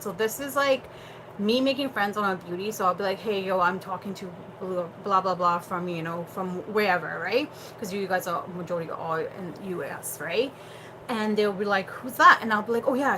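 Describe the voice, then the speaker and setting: A woman's voice: mid-range voice, a bit bright, a little hiss or hum, low-quality recording. A young adult woman hosting a casual livestream chat, blunt and chatty, swearing freely and using lots of fillers. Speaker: livestream host.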